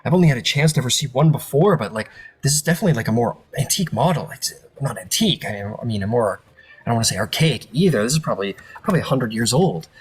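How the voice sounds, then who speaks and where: A man voicing an eager young tiefling woman who crafts weapons, excited and stammering. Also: medium pitch, fast, slightly rough. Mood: awed.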